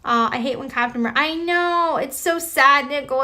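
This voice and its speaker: A woman with a high voice, chatting live with her viewers in a casual, rambling way. Her tone is bright and forceful, full of "like" and restarts as she reacts to comments. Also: moderate pace.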